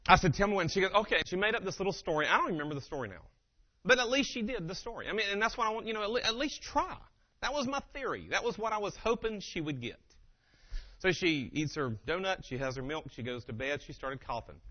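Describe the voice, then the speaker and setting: A man giving a humorous motivational keynote, telling family stories in an animated way and acting out the dialogue. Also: high voice, fast. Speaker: keynote speaker. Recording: dull lo-fi live recording.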